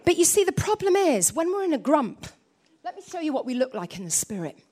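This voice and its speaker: A woman preaching a sermon, telling a story with lively delivery and quiet low asides. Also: fairly quick.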